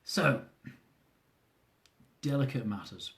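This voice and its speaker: A man's voice: mid-range voice, animated, slow pace, a bit bright. A young man reading aloud from his own travel memoir, with dry, self-mocking humour.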